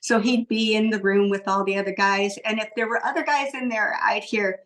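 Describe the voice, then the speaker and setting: Woman in her 60s, podcast guest, earnest chatty tone, lots of ums, medium-pitched voice. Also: fairly even intonation, normal speed, poor audio. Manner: warm, earnest, many ums and restarts. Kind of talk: casual interview conversation.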